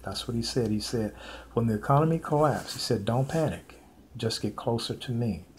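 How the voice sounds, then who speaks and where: A man's voice: medium pitch, lively intonation. Earnest man preaching with faint hiss. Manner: repetitive, earnest, with many pauses and fillers. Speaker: preacher sharing prophetic visions. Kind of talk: informal spoken sermon to camera.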